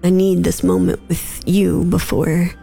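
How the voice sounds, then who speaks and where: A woman's voice: fairly low pitch, level tone, unhurried, creaky, mellow, faint music behind. A woman recounting a personal story in conversation, emotional and holding back tears.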